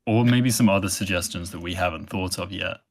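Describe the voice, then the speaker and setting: Dry-humored young man, low voice. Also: brisk. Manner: dry, teasing. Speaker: podcast co-host. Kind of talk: casual chat.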